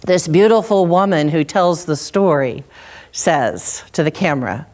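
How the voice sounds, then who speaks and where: A woman minister preaching a sermon, telling stories with dramatic pauses and dropping low for quoted lines. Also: lively intonation, darkish tone. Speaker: senior minister. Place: church sanctuary.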